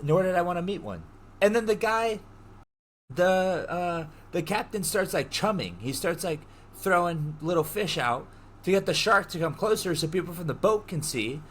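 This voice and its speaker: A young man co-hosting a podcast, telling a story in an animated way, laughing and swearing as he goes. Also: high voice, normal speed, a little hiss or hum. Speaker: podcast co-host. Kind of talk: casual storytelling chat.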